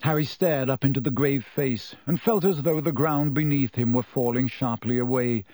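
A man's voice: medium pitch, normal speed, dark tone, dry recording. A man reading a children's fantasy novel aloud as narrator, telling the story expressively. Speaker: audiobook narrator. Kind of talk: scripted narration.

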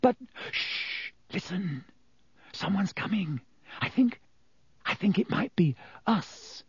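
A man's voice: extremely high pitch, sing-song, slow, dark tone, husky, dry recording, clean studio sound, voice pushed up, exaggerated voice. A man voicing an anxious, clever teenage schoolgirl witch in an audiobook, speaking urgently and breathlessly. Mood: whispering. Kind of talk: audiobook character voice.

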